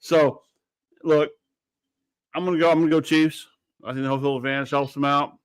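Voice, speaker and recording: A man running a casual sports radio show, opinionated and rambling, swearing now and then. His voice sits a touch high for a man. The studio sound is dry and close. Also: fairly even intonation, fairly quick, clean tone, dry recording. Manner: blunt, rambling, swears freely.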